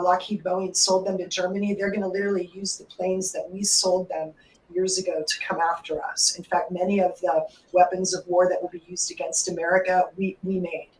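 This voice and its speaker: A woman hosts a live call-in radio show, rambling and emotional, with curses dropped in along the way. Her voice sits back from the microphone, and the room gives it a roomy echo. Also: on the low side. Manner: emotional, rambling, swears freely. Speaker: psychic radio host. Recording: echoey room, distant mic.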